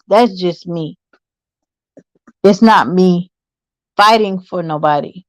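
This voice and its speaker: A woman's voice: lowish voice, gravelly, no room sound, low-quality recording. A woman panelist in casual chat, speaking bluntly and confrontationally.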